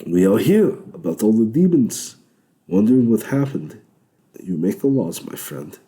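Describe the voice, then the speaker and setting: A man's voice: on the low side, very animated, normal speed, dark tone, voice pushed up. A man voicing an earnest male angel detective who questions people bluntly and directly. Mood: probing.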